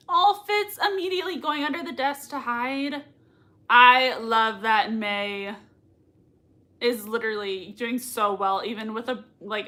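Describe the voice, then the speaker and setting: High-voiced young woman gushing in slow speech. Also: bright, forceful tone. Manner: gushing, squealing with emotion. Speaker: livestream reaction host. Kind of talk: excited live reaction chat.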